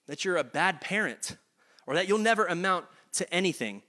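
A high, bright male voice gives a relaxed, joking sermon to his congregation. He talks in a chatty way and stumbles over repeated words. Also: fairly quick. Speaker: pastor. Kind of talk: casual, humorous sermon.

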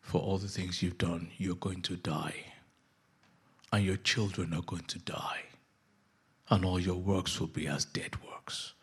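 A man preaching a sermon voices a solemn old prophet's ghost in a low, hushed, husky whisper. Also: fairly even intonation, measured pace, heavily acted. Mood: grave.

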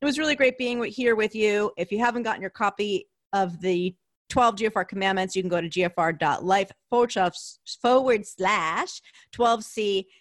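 A woman's voice: medium pitch, normal speed. A woman hosting a podcast, chatting enthusiastically with many fillers and restarts. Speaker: podcast host. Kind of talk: casual podcast chat.

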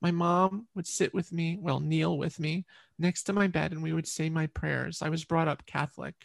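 A woman's voice: sits low, steady tone, normal speed, gravelly, dry recording, studio quality. A woman interview guest earnestly telling a personal story, often repeating words as she recalls.

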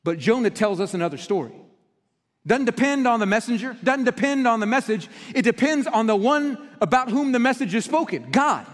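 A man preaching a passionate sermon, swinging between emphatic peaks and hushed lines in a church sanctuary. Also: very high voice, lively intonation, fairly quick, in a large hall. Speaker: pastor.

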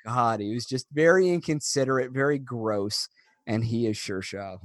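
A male podcast co-host chats casually, telling stories in an animated way and laughing often. His mid-range voice moves at a normal speed, and the studio sound is clean with no echo.

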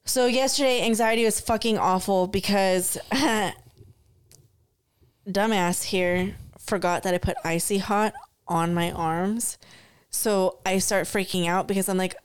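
A woman in her thirties co-hosting a casual podcast with a smooth, clean voice. She tells her stories in an animated, candid way and swears freely. Her pitch sits at a mid level. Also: a little slow, no room sound. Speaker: podcast co-host. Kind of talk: casual chat.

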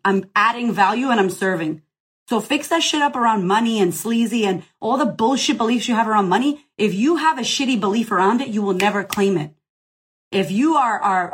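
Husky-voiced, blunt, swearing woman coach. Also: medium pitch. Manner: blunt, profane and emphatic; direct, rallying the listener. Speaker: business coach. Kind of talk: casual live Q&A.

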